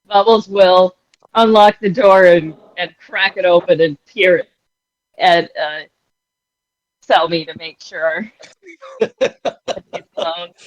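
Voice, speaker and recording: Woman game master, unhurried narration, dry studio sound. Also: on the low side, steady tone, no echo, muffled recording.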